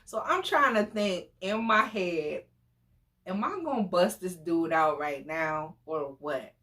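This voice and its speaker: A woman in her forties telling a story casually, animated and exclamatory, often breaking into laughter. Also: on the low side, slow pace. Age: 40s. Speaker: storytime vlogger.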